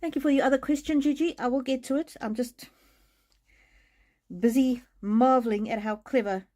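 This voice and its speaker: A woman giving a live-streamed oracle card reading, speaking gently and haltingly, moved to emotion and laughing often. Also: high voice. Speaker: tarot and oracle card reader. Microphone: streaming mic.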